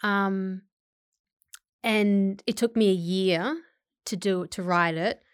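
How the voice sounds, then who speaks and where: A woman's voice: medium pitch, slow, clean tone, dry recording, studio quality. A woman actor and filmmaker talking casually in an interview, chatty, with frequent fillers and laughs.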